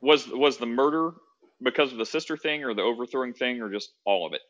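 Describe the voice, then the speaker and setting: A man's voice: mid-range voice, fast, a bit bright. A man co-hosting a casual podcast, firing off curious, joking questions. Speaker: podcast co-host. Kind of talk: casual chat. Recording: dull lo-fi audio.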